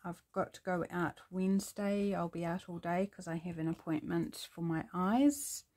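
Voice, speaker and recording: A woman's voice: lowish voice, normal speed, darkish tone. Chatty New Zealand woman crafting. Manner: rambling, many ums, thinking aloud while working. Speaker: craft vlogger. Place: home craft desk.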